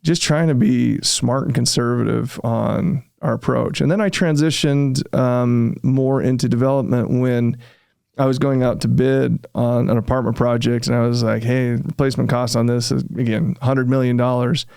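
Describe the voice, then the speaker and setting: A man with a gravelly, fry-tinged voice at an ordinary middle pitch tells his development story in a relaxed interview. He jumps into lively retellings of his own past remarks. The recording is dry and close, with no room sound. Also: moderate pace, dry recording. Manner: animated, reenacts his own past remarks, frequent fillers. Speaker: real estate developer guest.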